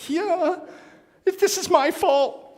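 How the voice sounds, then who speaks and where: Whiny reluctant prophet, put on by a man, high and pleading, long hall echo. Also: takes it slowly, darkish tone. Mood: guilty.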